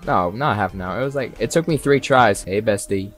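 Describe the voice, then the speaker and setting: A young man doing live commentary on a horror game, excitable and swearing freely, talking straight to the characters and breaking into sudden yells. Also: fairly low pitch, a little fast. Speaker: streamer. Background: faint game music.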